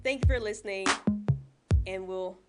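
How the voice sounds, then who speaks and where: A woman's voice: medium pitch, moderate pace, over loud music. A tipsy woman co-hosting a casual podcast chat, laughing often, her words slightly slurred. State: tipsy from drinks. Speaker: podcast co-host.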